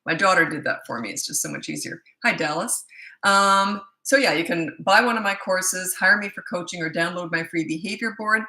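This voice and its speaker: Tired, chatty woman with a gravelly voice. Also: lowish voice, normal speed, pushed and bright. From Canada. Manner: chatty, reads out viewers' comments. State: tired, low energy. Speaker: parenting coach, livestream host. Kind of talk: casual livestream chat with viewers. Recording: echoey room.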